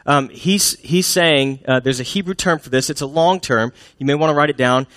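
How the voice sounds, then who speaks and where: A man's voice: fairly high pitch, normal speed, hardly any pauses, a bit bright, no echo, studio quality. A man preaching a sermon in a church, speaking in a humorous, conversational way and asking the congregation questions. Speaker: pastor.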